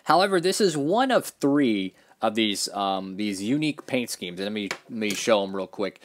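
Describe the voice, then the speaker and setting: A man's voice: lowish voice, lively intonation, normal speed, a little hiss or hum. A man giving a casual, opinionated review of collectible model cars, rambling with restarts, from his home studio. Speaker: diecast reviewer.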